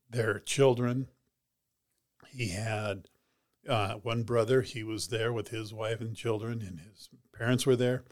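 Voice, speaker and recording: In an interview, a man who received a heart transplant rambles casually through a personal story, his voice on the low side. Plenty of "you know"s and "she goes" pepper his retelling.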